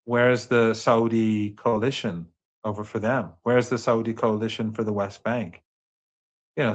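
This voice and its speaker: A man, a professor speaking as an interview guest, talking in a measured way with frequent restarts. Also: lowish voice, fairly bright tone. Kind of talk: remote interview commentary.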